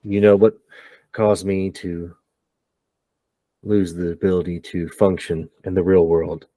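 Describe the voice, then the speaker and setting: A man voicing a calm, resolute young woman in a tabletop game, speaking in a measured, even way. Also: deep voice, no room sound.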